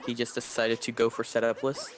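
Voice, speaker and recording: A man giving relaxed live commentary on a speedrun race, explaining the tricky parts. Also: mid-range voice, a little fast. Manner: explanatory, relaxed, laughs easily.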